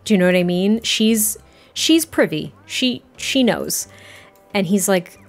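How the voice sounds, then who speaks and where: Woman storyteller, casual and chatty, mid pitch, soft music bed. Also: lively intonation, unhurried. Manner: chatty, many fillers and restarts. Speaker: video game storyteller.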